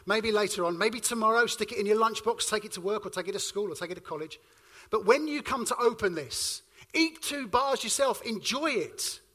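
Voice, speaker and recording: A man, preaching a sermon and telling stories with lively swings between loud and hushed delivery. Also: high-pitched, brisk.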